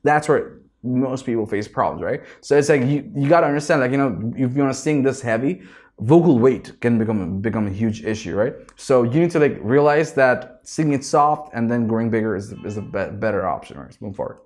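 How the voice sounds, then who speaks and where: A young man with an Indian English accent, coaching singing in a reaction video, energetic and always checking in with "right?". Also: mid-range voice, a little fast. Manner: energetic, ends phrases with "right?"; restarts and repeats words often. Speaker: vocal coach.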